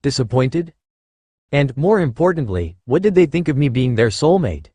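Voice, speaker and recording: A man narrating a first-person fan fiction story in an expressive reading style. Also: medium pitch, normal speed, husky, dry recording.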